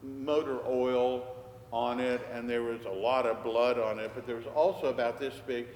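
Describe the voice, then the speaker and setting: Older priest preaching in an echoey hall. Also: male voice, mid-range voice, level tone, normal speed, a little mellow. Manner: conversational storyteller, acting out dialogue. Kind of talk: storytelling sermon. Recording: echoey church hall, faint background noise.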